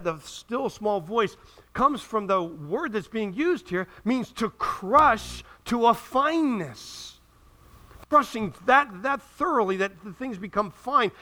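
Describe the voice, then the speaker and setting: A man's voice: high voice, pushed and bright. A male pastor preaching a fervent sermon, reading scripture and calling out to the congregation with rising and falling emphasis.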